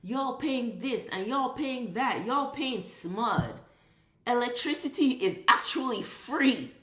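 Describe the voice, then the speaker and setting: A woman's voice: fairly high pitch, expressive, slow pace, a bit bright, reverberant. A woman vlogger delivering an impassioned, profane commentary rant, driving her points home with emphatic repetition.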